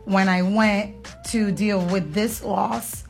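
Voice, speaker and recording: A woman's voice: mid-range voice, slow pace, vocal fry, faint music behind. A woman in her thirties from Puerto Rico, co-hosting a candid chat, speaking earnestly about grief and acting out her children's words. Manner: earnest, open about grief, animated when quoting her kids. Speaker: podcast co-host.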